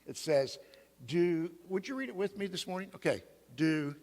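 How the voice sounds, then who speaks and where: Middle-aged male pastor, playful and interactive, slightly high voice, echoing sanctuary. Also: expressive, normal speed, darkish tone. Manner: playful, asks the congregation questions. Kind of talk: sermon. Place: church sanctuary. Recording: long reverb of a church hall.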